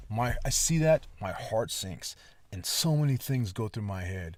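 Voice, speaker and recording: Speaking a little slowly in a lowish voice, a male podcast host rambles casually through a long tale. He swears a lot and throws in emphatic asides, making the retelling lively.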